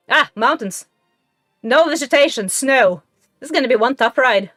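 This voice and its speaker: A woman commenting while she plays a video game, emotional and quick to exclaim. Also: fairly high pitch, lively intonation, fairly bright tone, no room sound, soft background music. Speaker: gamer.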